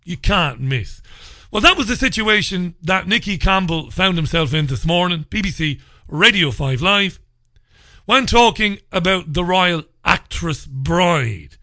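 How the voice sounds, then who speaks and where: A male radio talk show host giving crude, mocking commentary with loud bursts. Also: high voice, lively intonation, a little slow, no room sound, clean studio sound. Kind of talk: ranting commentary.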